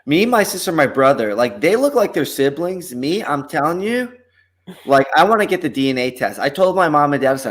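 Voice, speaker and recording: A man from Long Island, a comedian guest on a podcast, telling jokes and stories in an animated, casual way. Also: on the high side, brisk. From Long Island, New York. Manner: animated joke-telling storyteller.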